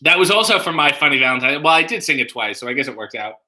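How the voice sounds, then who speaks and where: A man's voice: medium pitch, sing-song, quick pace, sharp tone. A man hosting a casual livestream, joking around and reading viewer comments aloud. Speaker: livestream host.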